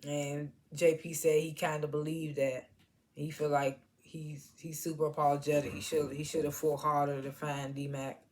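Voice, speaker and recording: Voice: mid-range voice, flat delivery, moderate pace, a little mellow. A TV reviewer casually recapping an episode in loose, slangy storytelling and chuckling at the scenes. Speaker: TV show reviewer.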